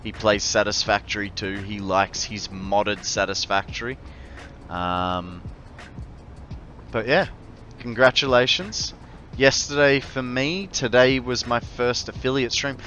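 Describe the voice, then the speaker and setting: Australian male game streamer, bright voice, easygoing rambling chat with viewers. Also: medium pitch, steady tone, slow, dull audio, a little hiss or hum. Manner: rambling, chatty, friendly to chat. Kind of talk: casual live-stream chat while gaming.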